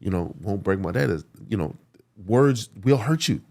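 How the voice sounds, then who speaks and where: A man in his forties from the United States, telling a personal story in an earnest, halting way and near tears. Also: lowish voice, animated, darkish tone. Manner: earnest, halting, many fillers and restarts. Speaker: guest.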